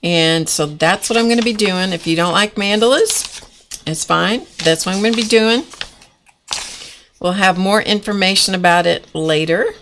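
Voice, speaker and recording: A woman's voice: mid-range voice, normal speed, fairly bright tone, slight background noise. A woman hosting a live art journaling stream, chatting casually and giggling as she rambles while she works.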